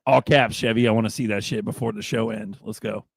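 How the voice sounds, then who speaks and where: A man's voice: lowish voice, fairly even intonation, brisk, creaky, husky, dry recording, clean studio sound. A man co-hosting a casual crypto livestream, brash and profane, hyping up his viewers. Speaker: livestream co-host.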